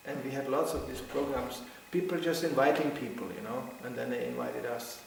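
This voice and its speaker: A man with a medium-pitched, creaky voice speaks at a normal speed, barely pausing, over a faint hiss or hum. He's a lively storyteller sharing memories with a devotional gathering in an echoing hall, laughing often and acting out quotes. The room is very echoey and the mic sits far away.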